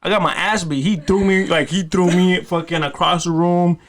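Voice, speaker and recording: A man's voice: high voice, steady tone, moderate pace, fairly bright tone. A man hosting a podcast, telling stories in a loose, profane, rambling way with many restarts. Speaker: podcast host. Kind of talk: casual storytelling chat.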